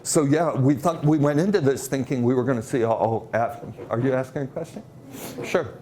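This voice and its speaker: Halting man giving a conference talk. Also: medium pitch, mellow, a little hiss or hum. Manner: halting, anecdotal, many fillers. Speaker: conference presenter.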